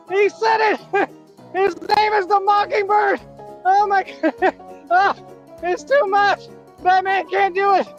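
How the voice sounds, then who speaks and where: A woman's voice: very high voice, steady tone, takes it slowly, long pauses, dull audio, soft background music. A woman who laughs through nearly every line.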